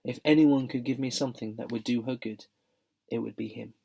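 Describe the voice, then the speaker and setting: A man's voice: medium pitch, fairly even intonation, a little fast, creaky, warm tone. A man voicing a young boy who speaks urgently and earnestly. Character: anxious, determined young boy.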